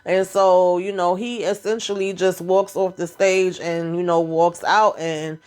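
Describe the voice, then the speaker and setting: A woman's voice: fairly low pitch, steady tone, unhurried, a little mellow, smooth. A woman giving a casual, slangy recap of a TV episode and talking back to the characters. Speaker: TV recap vlogger.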